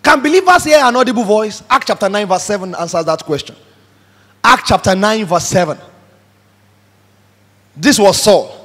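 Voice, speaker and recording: Emphatic high-voiced preacher. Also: male voice, animated, normal speed, pauses often, fairly bright tone. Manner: emphatic preaching, acts out quoted voices, code-switches. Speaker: pastor. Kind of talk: sermon. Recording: reverberant hall.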